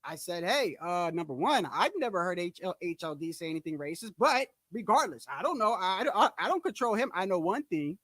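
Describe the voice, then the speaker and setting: A man's voice: high-pitched, very animated, a little fast, hardly any pauses, a bit bright, dry recording. A man hosting a boxing channel, ranting in a casual commentary style. He talks bluntly and emphatically, curses, repeats himself for emphasis, and speaks straight to his viewers. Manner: emphatic, repetitive, blunt and profane; addresses viewers directly, often says "bro".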